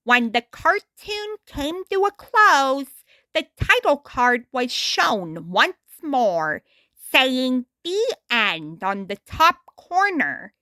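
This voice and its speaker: A woman reading a storybook aloud with a deliberate, expressive storytelling manner. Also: high-pitched, no echo, clean studio sound. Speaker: storytime reader.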